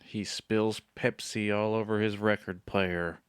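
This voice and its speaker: Male co-host with a smooth, clean voice; casual, halting film recap, dry close mic. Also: fairly low pitch, fairly even intonation, no echo. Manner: halting, with filler pauses. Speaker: podcast co-host.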